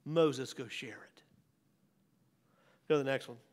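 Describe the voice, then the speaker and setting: A male pastor preaching a sermon, swinging from raised declarations to hushed near-whispers. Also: mid-range voice, steady tone, unhurried. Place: church sanctuary. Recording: church hall reverb.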